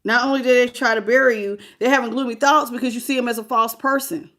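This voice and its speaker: Tarot reader, woman, higher voice, chatty livestream host reading cards. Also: fast. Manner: casual, animated, greets live chat.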